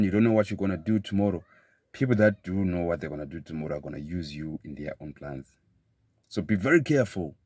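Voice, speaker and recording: A man giving a motivational talk in an emphatic way, often repeating phrases and building to excited bursts. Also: deep voice, breathy edge, dry recording, studio quality. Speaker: motivational speaker.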